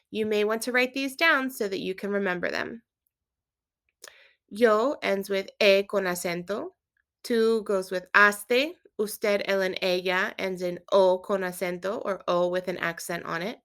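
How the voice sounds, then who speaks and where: A woman teaching a Spanish grammar lesson, patiently explaining verb endings and quizzing the listener in a clear, steady way. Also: medium pitch. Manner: clear, patient instruction with quiz prompts. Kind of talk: scripted language lesson.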